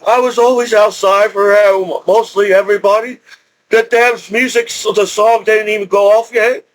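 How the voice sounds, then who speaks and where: A middle-aged man telling rambling stories in a casual, excitable way, repeating himself and restarting often. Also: high voice, normal speed, low-quality recording.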